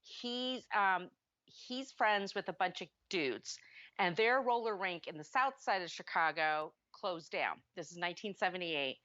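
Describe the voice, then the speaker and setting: A woman's voice: fairly low pitch, unhurried, sharp tone, dry recording. A woman co-hosting a podcast rambles casually through a movie recap, stopping to correct herself mid-sentence. The recording sounds dry and a little dull, with a lo-fi edge. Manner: chatty, rambling, frequent self-corrections. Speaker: podcast co-host.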